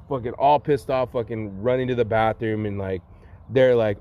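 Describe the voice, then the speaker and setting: A man's voice: mid-range voice, steady tone, normal speed, dull audio. Profane young man telling a story. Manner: profane, laughing, lots of "like". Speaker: host telling stories. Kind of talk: casual storytelling chat.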